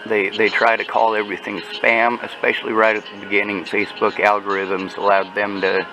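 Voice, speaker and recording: A man's voice: lowish voice, little pitch movement, brisk, music in the background, poor audio. A man telling his story in casual conversation, agitated and profane, often restarting his sentences.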